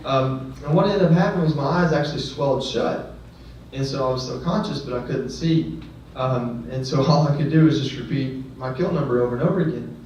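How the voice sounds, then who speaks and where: A man speaks to a gathered audience in a plain, mid-pitched voice, earnest and conversational, with a few self-deprecating asides. His voice is caught from a distance in a very echoey hall, and the sound is dull, with faint noise behind it. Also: brisk, darkish tone. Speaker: guest speaker. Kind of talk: personal story speech. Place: ceremony venue.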